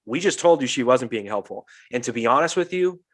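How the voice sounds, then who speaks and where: A young man hosting a casual podcast tells a long story with a lot of life, acting out each voice and cursing freely. His voice sits at an ordinary pitch for a man. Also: brisk. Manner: animated storyteller, swears freely, acts out quotes. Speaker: podcast host.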